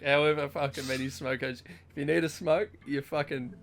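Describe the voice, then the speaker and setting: A man's voice: a little high, moderate pace, a bit bright. An Australian man co-hosting a casual podcast, swearing freely and laughing as he tells stories. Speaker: podcast co-host.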